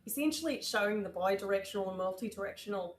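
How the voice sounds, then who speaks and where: A woman's voice: medium pitch, expressive, very fast. Woman, co-host, casual science chat, sweary, jokey, faint hiss. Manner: swearing, jokey, slips into a put-on Aussie 'mate'.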